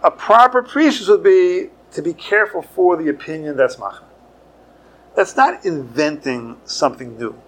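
Gravelly-voiced rabbi teaching a class. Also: male voice, fairly high pitch, normal speed. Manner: conversational teaching, lively with sudden emphasis. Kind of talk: Torah lecture.

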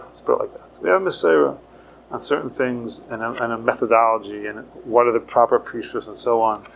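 Gravelly-voiced rabbi teaching a class. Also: male voice, medium pitch. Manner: conversational teaching, lively with sudden emphasis. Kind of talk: Torah lecture.

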